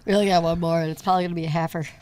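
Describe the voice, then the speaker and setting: A woman's voice: fairly low pitch, steady tone, racing, darkish tone, no room sound. A woman hosting a podcast and chatting casually. She sounds tipsy and tells stories animatedly, acting out voices, swearing and laughing often. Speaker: podcast host.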